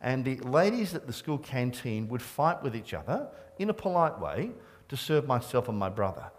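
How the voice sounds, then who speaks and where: A middle-aged pastor from Scotland, with an Australian accent that keeps a trace of Scottish, preaching a sermon earnestly and emphatically, often stumbling and restarting words. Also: male voice, mid-range voice, big pitch swings, moderate pace, a little hiss or hum.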